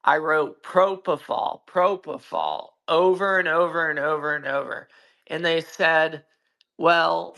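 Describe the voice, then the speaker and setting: Over his own mic on a social audio call, a man appears as a guest and tells his story casually, at a measured pace that lingers on each phrase. His fairly high voice is gravelly yet bright-edged, with fairly even intonation, and he speaks profanely and emphatically, restarting often.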